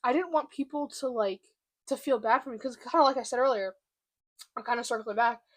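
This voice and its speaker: A young woman in a confessional vlog, speaking candidly and haltingly while holding back emotion. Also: fairly high pitch, a bit bright. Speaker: vlogger. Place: room by a window, at home.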